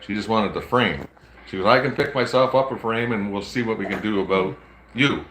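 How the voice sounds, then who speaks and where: A man's voice: lowish voice, brisk, a bit bright, echoey room, a little hiss or hum, rough recording. A man hosting a livestream, chatting casually and telling long, rambling stories full of swearing. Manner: rambling, profane storytelling. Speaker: livestream host. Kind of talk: casual chat.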